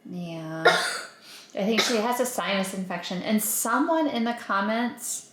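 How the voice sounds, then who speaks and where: Woman vlogger, mid pitch, casual rambling chat, echoey home room. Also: lively intonation, slow, very noisy. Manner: chatty, rambling, lots of fillers.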